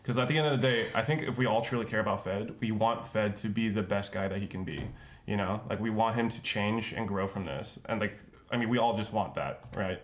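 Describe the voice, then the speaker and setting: A man's voice: fairly low pitch, a little fast. Earnest young man in a roomy room. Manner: earnest, heavy on filler words. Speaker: streamer co-host. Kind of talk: casual chat. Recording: roomy echo.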